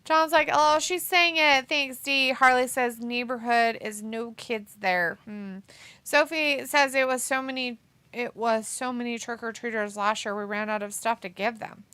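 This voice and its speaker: A woman's voice: a little high, moderate pace, sharp tone, clean tone, no room sound. A woman co-hosting a wrestling watch-along, chatting casually and reading viewer comments aloud. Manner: chatty, reads chat messages aloud.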